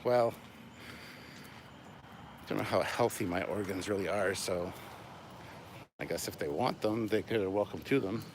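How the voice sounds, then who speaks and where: Male host, very low voice, winded from walking, chatty live-stream banter outdoors, faint background noise. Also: unhurried, pauses often. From Canada. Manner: chatty, self-deprecating, answers viewer questions. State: out of breath. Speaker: channel host. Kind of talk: casual live-stream chat while walking. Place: outdoors at night, on a walk.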